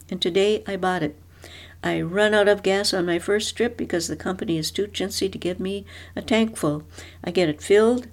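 Speaking at medium pitch in a natural voice, a woman plays a bold, sharp-tongued character. The character snaps out orders but can turn lilting and mock-innocent when it suits her.

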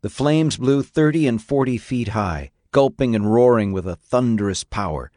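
A man reading an audiobook aloud in a steady, measured narrating style. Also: medium pitch, no room sound, clean studio sound. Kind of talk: scripted narration.

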